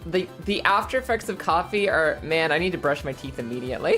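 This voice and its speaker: A woman streaming and chatting casually, her voice a bit hoarse and scratchy, laughing often and rambling. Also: low voice, a little fast, hardly any pauses, a bit bright, soft background music. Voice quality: scratchy throat.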